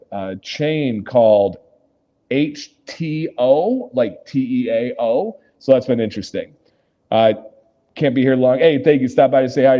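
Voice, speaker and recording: His voice warm and mid-range, a Michigan livestreamer reads and replies to viewer comments from a hotel lobby, laughing frequently throughout. The recording sounds dull.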